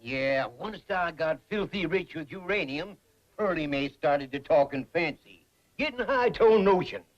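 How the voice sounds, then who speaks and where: An actor playing a blunt, newly rich hill-country husband in a 1960s sitcom, with a drawl. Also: male voice, a little high, animated, measured pace. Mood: folksy. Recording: muffled noisy old TV soundtrack.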